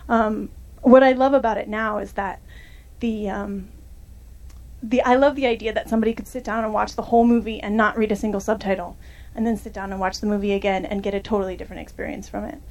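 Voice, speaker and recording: A woman's voice: medium pitch, steady tone, fast talker, a little mellow. A young woman filmmaker answering audience questions after a screening, in a chatty way full of fillers and restarts.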